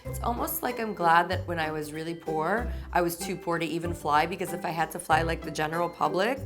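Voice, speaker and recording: A woman's voice: lowish voice, fairly quick, music in the background. A woman hosting her own vlog, telling stories in a sarcastic, gossipy way and swearing freely. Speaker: vlog host. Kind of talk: confessional to-camera storytelling.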